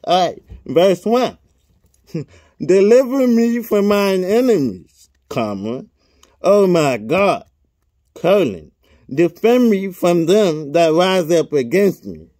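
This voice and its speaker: A man's voice: high voice, expressive, slow pace, dark tone, no echo, studio quality. A man reading scripture aloud verse by verse, speaking every punctuation mark and adding casual asides. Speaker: scripture reader.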